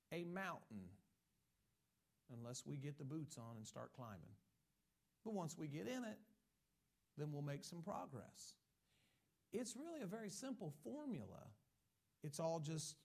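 A man delivers a sermon in a somewhat higher-than-usual voice with a gravelly edge. He reads scripture at a measured pace and rises into emphatic bursts as he presses his point to the congregation. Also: a little mellow. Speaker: pastor.

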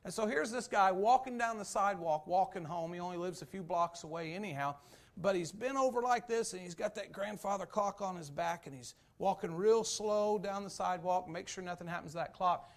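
High-voiced folksy preacher man. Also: fairly quick. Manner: folksy joke-telling and emphatic preaching. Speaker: pastor. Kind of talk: sermon.

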